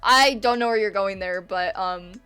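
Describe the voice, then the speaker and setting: A woman's voice: medium pitch, normal speed, bright, forceful tone, clean tone, soft background music. A teenage girl chatting casually with her livestream chat while she draws, laughing often and answering viewers with playful sarcasm. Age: teens. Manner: giggly, sarcastic, talks back to chat. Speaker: art streamer.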